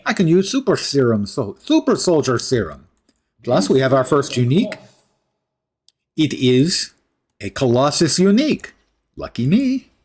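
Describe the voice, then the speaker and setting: A man's voice: medium pitch, wildly swooping pitch, a little slow, long pauses, darkish tone, breathy edge, heavily acted. A man voicing a huge, boastful steel-skinned male hero in a mock Russian accent, with solemn, formal phrasing. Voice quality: formal, article-dropping, grandly pompous phrasing. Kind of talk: in-character game commentary.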